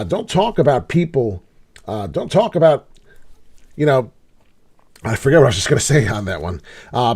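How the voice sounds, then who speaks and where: A man's voice: mid-range voice, slightly rough. Brash, profane New man. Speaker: crypto trading YouTuber. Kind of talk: casual market commentary. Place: at home.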